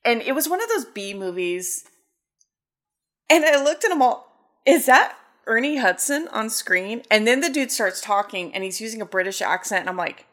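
A woman's voice: mid-range voice, animated, moderate pace, a bit bright. A woman in a mid-range voice tells a meandering story for a podcast. She thinks aloud and circles back on her words. The chat is loose and unscripted. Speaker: podcast co-host. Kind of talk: casual chat.

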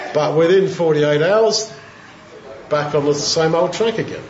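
A man giving an informal, reflective Bible teaching in a conversational way, pausing with fillers as he thinks. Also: on the high side, a little mellow, slight background noise. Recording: roomy, dull lo-fi sound.

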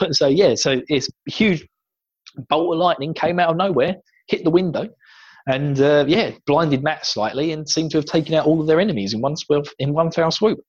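English guy recapping a book on a podcast, keeps laughing, a bit husky, dry muffled mic. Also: fairly high pitch, normal speed, dry recording. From England. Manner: laughs often, retells scenes in put-on voices. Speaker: podcast co-host. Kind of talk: casual book-recap chat.

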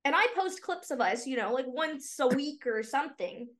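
A woman's voice: high voice, expressive, normal speed, a bit bright. Playful young woman co-hosting a podcast. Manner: playful, laughs often, many likes and you-knows. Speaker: podcast co-host. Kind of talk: casual chat.

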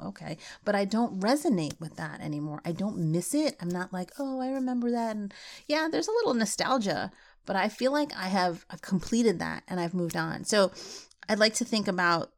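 A middle-aged woman hosting a podcast, talking casually and getting animated and worked up as she goes. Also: fairly low pitch. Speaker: podcast host.

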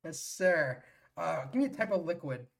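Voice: medium pitch, animated, moderate pace, vocal fry. A podcast host leading a fill-in-the-words game in casual chat with dry, teasing remarks.

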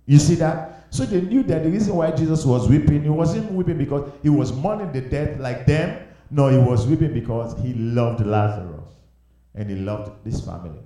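Man, preacher, impassioned sermon, hushed pleas to loud cries, mellow warm tone, booming echo. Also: normal speed. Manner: impassioned, swings from hushed pleading to loud exclamations. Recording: very echoey room.

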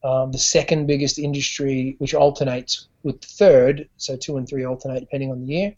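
A man's voice: mid-range voice, fairly even intonation, brisk, darkish tone, dull audio. A man with an Australian accent, a musician guest telling stories in a rambling way with frequent restarts. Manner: rambling, lots of restarts and fillers. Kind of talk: conversational storytelling.

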